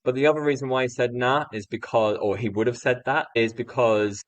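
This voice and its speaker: A man in his thirties from the UK, a guest telling a teaching story in animated anecdotal style. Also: medium pitch, a little fast, dry recording, poor audio. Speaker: guest speaker. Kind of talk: storytelling in a podcast interview.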